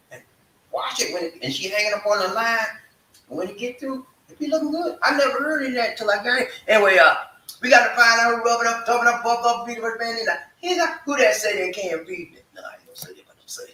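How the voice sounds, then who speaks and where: Speaking extremely high and fast, this man sounds expressive, bright and forceful as he hosts a live stream. He's from the American South and whips viewers up with preacher-like zeal and call-and-response chants. There's a little hiss or hum, plus echo from a room recorded with a far-off mic.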